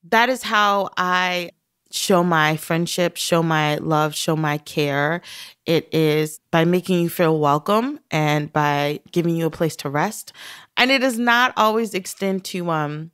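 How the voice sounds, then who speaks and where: A woman's voice: on the low side, slow pace, a bit bright, clear, resonant tone, dry recording, studio quality. A woman guest in a conversational interview, a mother telling stories and laughing often between phrases. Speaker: podcast guest; mother of young children.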